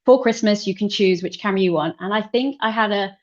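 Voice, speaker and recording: A British woman in her thirties, a photographer guest chatting on a video call in a relaxed, self-deprecating, giggly way. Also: mid-range voice, fast talker, highs cut off. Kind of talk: casual interview chat.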